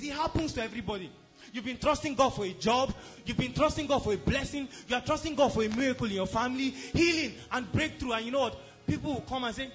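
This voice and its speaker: High-voiced man preaching a sermon. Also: fast talker, a bit bright, soft background music. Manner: emphatic, repeatedly asks the congregation if they are following. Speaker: pastor.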